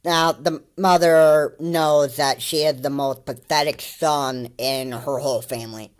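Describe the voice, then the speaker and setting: A man's voice: fairly high pitch, steady tone, unhurried. A man giving casual, mocking commentary on a video, rambling with many fillers and restarts and laughing often.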